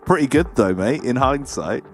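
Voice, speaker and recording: A man's voice: mid-range voice, normal speed. A man casting an esports match, telling stories with lots of laughter and casual swearing. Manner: animated storyteller, laughs a lot, swears casually. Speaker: esports caster. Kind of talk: casual co-commentary banter. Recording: noisy background.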